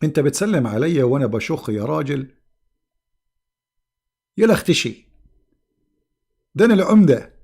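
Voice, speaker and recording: A man putting on the voice of a boastful village mayor who rants with loud scorn. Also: fairly high pitch, big pitch swings, very fast, vocal fry, pauses often, slightly rough, exaggerated voice. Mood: scornful.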